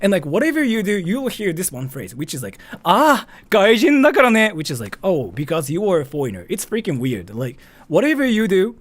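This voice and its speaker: Man from japan, live-stream host, rambling casual chat, slightly high voice, very lively swings in pitch. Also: brisk, few pauses. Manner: animated, rambling, swears mildly and often.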